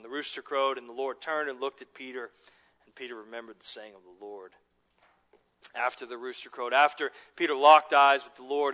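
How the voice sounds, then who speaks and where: A man preaching a sermon as pastor, earnest, moving between quiet reflective passages and emphatic declarations. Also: mid-range voice, in a large hall.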